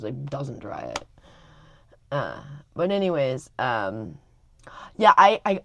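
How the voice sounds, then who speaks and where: A woman's voice: low-pitched, creaky. A middle-aged woman vlogging casually to camera, rambling with many fillers and restarts. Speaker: family vlogger.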